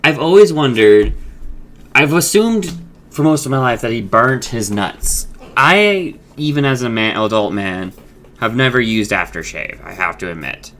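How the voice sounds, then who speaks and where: A man's voice: mid-range voice, a bit bright, a little hiss or hum. A young man hosting his own channel, giving a casual, rambling episode recap with frequent swearing and self-corrections. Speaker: host of an episode discussion channel.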